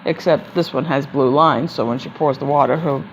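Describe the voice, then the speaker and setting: A woman storyteller narrating a children's tale in an animated way, acting out each character. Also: very deep voice, normal speed, lo-fi sound, a little hiss or hum. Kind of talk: bedtime-style storytelling.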